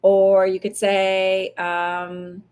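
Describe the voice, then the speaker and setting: A woman's voice: medium pitch, completely flat delivery, drawn-out words, a little mellow, clear, resonant tone. A woman psychic medium giving casual advice, chatty and rambling, who swears and laughs easily and acts out little voices. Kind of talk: casual live-stream advice talk.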